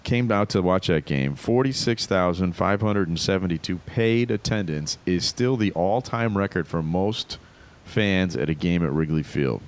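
A man co-hosting a casual comedy podcast, telling stories in a wry, animated way. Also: low-pitched, normal speed. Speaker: podcast co-host.

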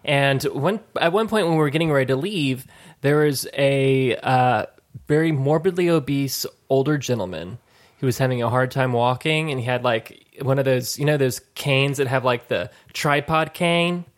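A man's voice: medium pitch, normal speed. A man telling a casual, rambling story in a chat. He swears freely and acts out the people he quotes.

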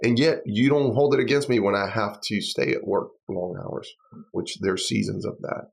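A man with a very low, deep voice talks earnestly on a podcast. He rambles a little, heartfelt and sincere, in relaxed conversation. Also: normal speed, creaky. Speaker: podcast guest and worship singer. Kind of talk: casual chat.

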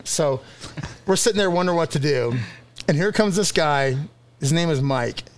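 A man with a fairly high voice telling a story in relaxed conversation. He laughs often and acts out the people in his tale. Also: moderate pace. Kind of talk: casual storytelling.

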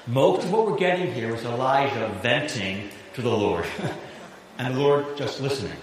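A man preaching a sermon as pastor, animated and laughing at his own jokes. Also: medium pitch, moderate pace. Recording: echoey hall with long reverb, faint hiss.

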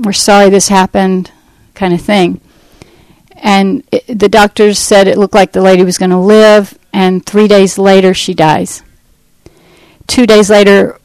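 A middle-aged woman telling her personal testimony in an earnest, conversational way, pausing and restarting as she goes. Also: medium pitch, a little mellow, clean tone, no echo, poor audio. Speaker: speaker giving a testimony.

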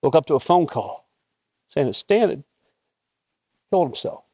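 A man in his fifties preaching a conversational, storytelling sermon with bursts of excitement. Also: a little high, normal speed, pauses often, husky, dry recording, studio quality. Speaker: pastor.

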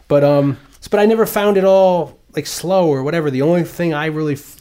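A man co-hosting a casual film discussion, rambling and animated, with swearing and quick put-on voices for characters. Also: a little high, a little hiss or hum.

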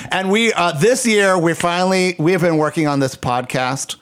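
A man hosting a podcast, chatting casually and dropping quick asides. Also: high-pitched, fairly bright tone, smooth. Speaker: podcast host.

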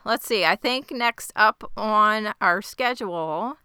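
A woman co-hosting a podcast, chatting casually with jokes and animated reactions. Her voice is bright and crisp. The sound is close and dry. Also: medium pitch, slow, dry recording. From American South. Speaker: podcast co-host. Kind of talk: casual chat.

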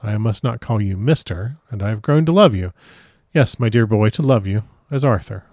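An elderly professor speaks gently and gravely to a young friend, read by a man narrating the book. The voice is low and tender, recorded dry and close. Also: expressive, normal speed, dry recording. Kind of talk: audiobook character reading.

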